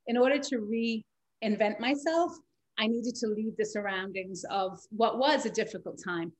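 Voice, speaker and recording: A woman with a faint Irish accent, a life coach, talking warmly and laughing often as an interview guest. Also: a little high, poor audio. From Ireland. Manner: warm, chatty, laughs often. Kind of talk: conversational interview.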